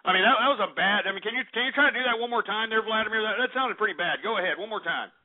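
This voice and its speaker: Male talk radio host, high voice, brash and insulting, phone-like lo-fi broadcast sound. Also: rapid-fire. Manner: abrasive, insults and mocks callers.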